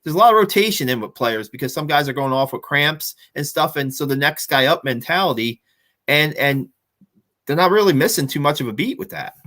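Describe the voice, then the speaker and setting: A man's voice: a little high, animated, a little fast, bright, forceful tone. Chatty man breaking down a football game. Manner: chatty, restarts often, tags points with "right?". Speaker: podcast host. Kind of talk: casual postgame football analysis.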